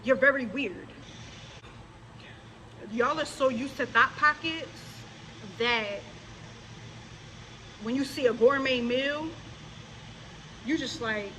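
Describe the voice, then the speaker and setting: A woman's voice: fairly high pitch, measured pace, long pauses, fairly bright tone, slight background noise, poor audio. A woman vlogger delivering a scolding, confrontational rant straight to her viewers, mocking the people she addresses. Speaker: religious vlogger. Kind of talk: direct-to-camera rant.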